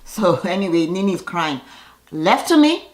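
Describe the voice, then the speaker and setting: A woman's voice: lowish voice, big pitch swings, slow. A woman giving a casual recap of a reality TV episode, with sassy commentary and a habit of acting out the cast's lines in voices. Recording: roomy echoey room.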